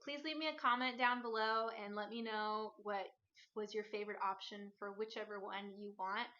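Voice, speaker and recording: A woman's voice: medium pitch, fairly even intonation, normal speed, sharp tone, muffled recording. A woman hosting a knitting podcast, talking casually and rambling a bit as she shows her yarn. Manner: chatty, rambling, with fillers and self-corrections. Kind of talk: casual show-and-tell chat.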